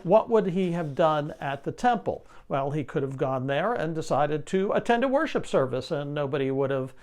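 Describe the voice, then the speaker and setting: A man preaching a sermon, reading scripture and then explaining it with rhetorical questions and lively emphasis. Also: fairly high pitch, moderate pace.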